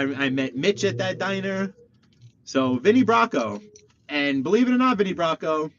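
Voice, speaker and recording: A man chatting casually on a live stream while he drives, excitable and reading viewer comments aloud. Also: high voice. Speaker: livestreaming driver. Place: inside a car while driving. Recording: muffled lo-fi stream audio with faint road noise.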